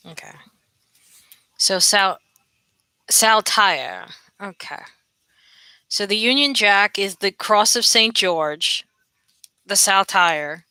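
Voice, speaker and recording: A woman's voice: medium pitch, lively intonation, slow pace, pauses often, sharp tone, clean tone, no echo. A woman with a New York accent, chatting casually on a live stream, repeating herself and asking viewers questions. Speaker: livestream host.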